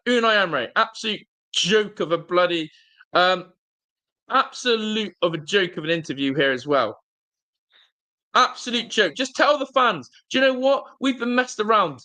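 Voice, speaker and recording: A man's voice: sits high, bright, forceful tone. A man, hosting a live football watch-along from a hotel room and ranting angrily at his team, swearing and repeating himself. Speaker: fan channel host.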